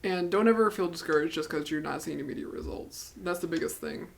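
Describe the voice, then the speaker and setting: A man's voice: a little high, fairly quick, gravelly. A man co-hosting a podcast in casual chat, easygoing and dry, with light laughs. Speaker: podcast co-host.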